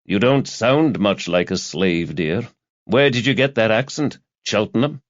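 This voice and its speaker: A man voicing a world-weary, sardonic middle-aged male detective who talks in a dry, mocking, low-key way. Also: lively intonation, a little slow, no echo. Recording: dull, dry lo-fi audio.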